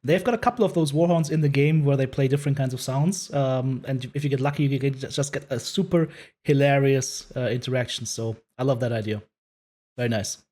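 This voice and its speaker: A man's voice: mid-range voice, brisk, darkish tone. A man hosting a casual commentary over a video, chatty and prone to repeating himself. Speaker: host reacting to a video.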